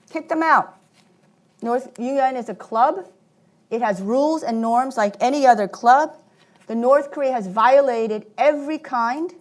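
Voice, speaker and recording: A woman speaking as a panelist at a policy discussion, blunt and provocative in her remarks. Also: on the high side. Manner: blunt and provocative, with frequent um fillers.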